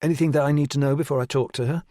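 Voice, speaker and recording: A male audiobook narrator voicing a woman detective chief inspector, brisk and direct in an interview room. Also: a little high, fairly even intonation, mellow, no room sound, clean studio sound, voice pushed up, natural voice. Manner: crisp, businesslike questioning.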